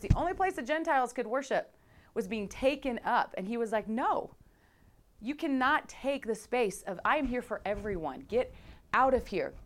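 A woman pastor preaching a conversational sermon to her congregation, animated and playful, acting out scenes with sound effects. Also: on the low side. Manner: conversational, direct address to congregation.

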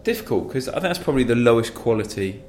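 A man's voice: mid-range voice, very animated, fast talker, darkish tone, a little hiss or hum. A man from England chatting casually about football as a co-host, dry and jokey, reading out club facts. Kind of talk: casual chat.

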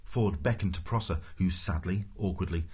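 A man's voice: sits low, moderate pace, darkish tone, slightly rough. A man giving a dry, wry scripted audiobook narration.

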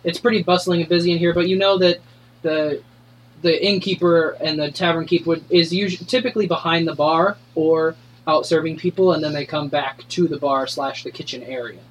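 A man's voice: fairly high pitch, fairly even intonation, brisk, low-quality recording. A man narrating as game master in a tabletop game, casual and rambling. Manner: casual, rambling, many fillers and restarts.

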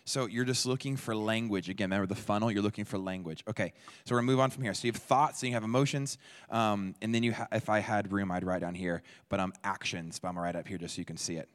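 A man leads a church teaching session in a relaxed, conversational way, asking questions and echoing back what people answer. His voice sits low. The sound carries a long reverb from a large hall. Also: quick pace, hardly any pauses. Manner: conversational, quizzes the audience and repeats their answers. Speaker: speaker at a church. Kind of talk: interactive teaching talk.

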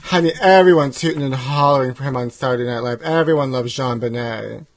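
A man's voice: mid-range voice, fairly quick, dry recording, soft background music. A man co-hosting a comedic chat, flamboyant and theatrical, who keeps calling his partner "honey". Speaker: co-host. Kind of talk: campy comedic banter.

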